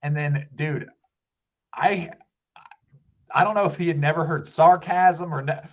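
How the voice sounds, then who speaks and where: Male podcast guest, lively storyteller, muffled lo-fi audio. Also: a little high, measured pace. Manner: animated, acts out quoted voices. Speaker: podcast guest, fishing guide. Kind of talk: casual storytelling chat.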